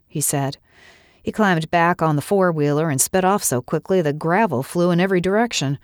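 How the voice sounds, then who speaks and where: A woman's voice: fairly low pitch, moderate pace, no echo, clean studio sound. A middle-aged woman narrating a first-person story in an earnest, reflective way.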